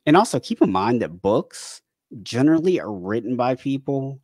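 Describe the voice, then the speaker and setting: A man speaking as a podcast guest and habit coach, talking casually with animated bursts and frequent restarts, sometimes acting out his own panicked thoughts. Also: mid-range voice, moderate pace, breathy edge, dry recording, studio quality. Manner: animated storytelling, acting out panicked inner voices; frequent restarts and repeated words. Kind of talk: casual conversational interview.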